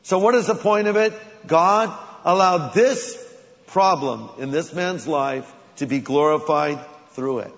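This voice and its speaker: A man with a high voice preaches a sermon, shifting between easy conversation and sudden dramatic emphasis. His voice rings with long hall reverb on a dull, lo-fi recording. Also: unhurried, fairly bright tone. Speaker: pastor.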